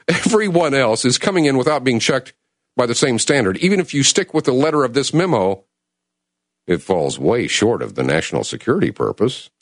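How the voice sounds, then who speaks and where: A man's voice: medium pitch, big pitch swings, normal speed, dry recording, clean studio sound. Impassioned man hosting talk radio. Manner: impassioned, urgent, swings from loud to hushed. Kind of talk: emotional talk radio monologue. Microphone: studio mic.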